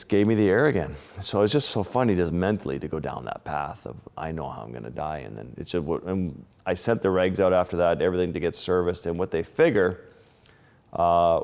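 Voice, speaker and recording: A man's voice: sits low, darkish tone, big-room sound. A Canadian-born man, a wildlife photographer, telling stories in an interview. He restarts his sentences often and uses lots of fillers. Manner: vivid, restless retelling with many restarts and fillers. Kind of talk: storytelling in a casual interview.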